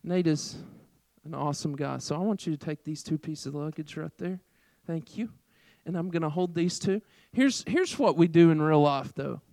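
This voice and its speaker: A middle-aged man, preaching a sermon in a casual, conversational way with lots of fillers, swinging between loud emphasis and quiet asides. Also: fairly high pitch, normal speed, creaky, no room sound. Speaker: pastor.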